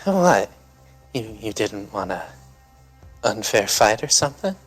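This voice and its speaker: A man's voice: fairly low pitch, normal speed. A man playing a brash, profane male soldier commander giving rousing orders, with faint music behind. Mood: taunting. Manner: rousing, swearing, forceful.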